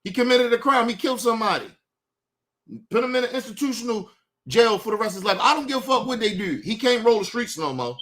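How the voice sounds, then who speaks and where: A male show host giving a heated, profane commentary rant, swinging from low muttering to shouting. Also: expressive, fast.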